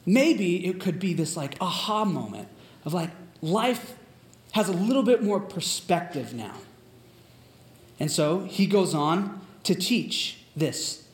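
A man's voice: high-pitched, lively intonation, slow. A man preaching a sermon in a casual, conversational way, retelling a story with plenty of fillers. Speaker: pastor. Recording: echoey room.

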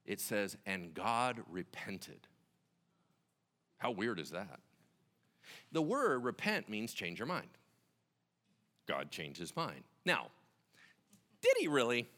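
A man preaching a sermon, telling the story in an animated way and acting out the dialogue. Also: on the low side, slow, long pauses, long reverb tail. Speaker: pastor.

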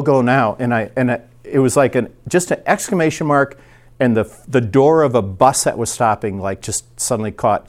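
Animated man telling faith stories. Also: mid-range voice. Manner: animated storyteller, acts out voices. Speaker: guest. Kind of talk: casual faith conversation, storytelling.

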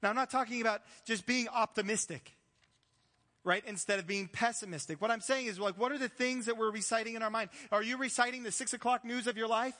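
A man with a high, light voice preaches to his congregation in an easygoing, conversational way. He breaks into joking asides and acts out bits of everyday talk. His voice rings with the long reverb of a church hall. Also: a little fast, bright, forceful tone. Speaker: pastor. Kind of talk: sermon.

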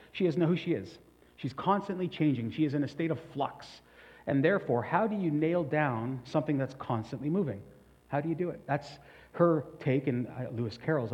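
A male pastor preaching a conversational sermon, asking the audience rhetorical questions. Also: fairly high pitch. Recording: dull lo-fi recording.

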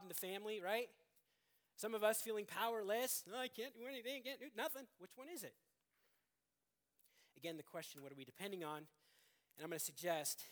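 A middle-aged male pastor preaching a sermon in an earnest manner, often restarting phrases and swinging from loud emphasis to quiet, low stretches.

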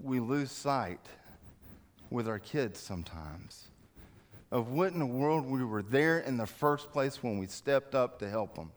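A man preaching to a church, telling an everyday story with animated bits where he acts out yelling crowds. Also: mid-range voice, unhurried. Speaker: speaker in a church service. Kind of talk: sermon with storytelling.

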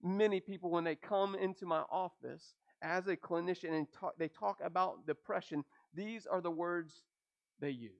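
High-voiced preaching man, dull recording. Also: normal speed, gravelly. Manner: rhetorical questions, dropping low on phrase ends. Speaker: pastor. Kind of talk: sermon.

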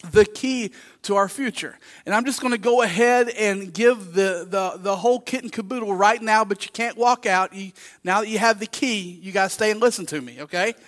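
A male pastor preaching a sermon, telling stories with lively acted-out voices. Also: sits high, brisk, hardly any pauses. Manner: animated storytelling, acts out voices in anecdotes.

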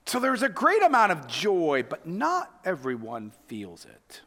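High, lively preacher in a reverberant hall. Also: male voice, measured pace. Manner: earnest, swings between loud emphasis and hushed whispers. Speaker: pastor. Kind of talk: sermon.

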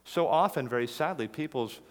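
A man's voice: medium pitch, lively intonation, brisk. A man preaching a sermon in an earnest, emphatic way, repeating his key phrases. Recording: long hall reverb.

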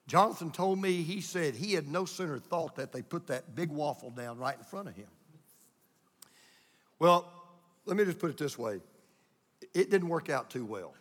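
A man's voice: a little high, lively intonation, moderate pace, fairly bright tone, in a large hall. An older male pastor preaching a sermon with folksy, emphatic storytelling.

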